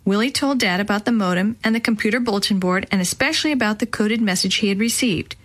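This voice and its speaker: A woman narrating a children's book in a clear, measured way. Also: mid-range voice, a bit bright. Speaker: audiobook narrator.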